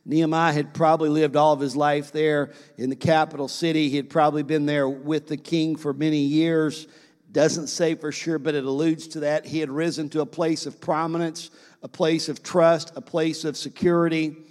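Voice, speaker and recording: High-voiced man preaching a sermon. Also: level tone, normal speed, a little mellow, in a large hall. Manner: preaches with repeated phrases and questions to the congregation. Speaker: pastor.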